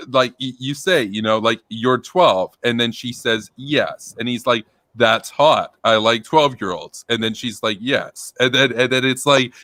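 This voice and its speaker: Bright, dry-voiced laughing man. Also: mid-range voice, dry recording. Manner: laughing, rambling storytelling. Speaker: political commentary streamer. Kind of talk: casual chat on stream.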